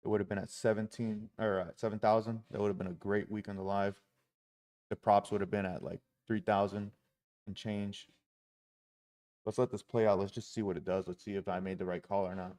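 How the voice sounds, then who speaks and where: A man's voice: fairly low pitch, level tone, brisk, a little mellow. A man live-streaming his day trading, talking through his trades with heavy swearing and frustrated outbursts.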